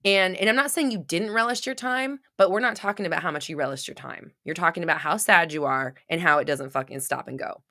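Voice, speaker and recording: A woman's voice: lowish voice, fast talker, hardly any pauses, bright, forceful tone. A woman hosting a livestream who answers chat questions, talking bluntly with swearing, restarts and rambling asides. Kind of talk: casual livestream advice talk.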